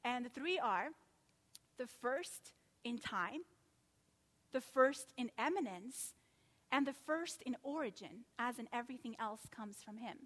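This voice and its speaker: A woman preaching a sermon, animated and full of rhetorical questions, acting out quotes as she goes. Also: a little high, measured pace, long reverb tail.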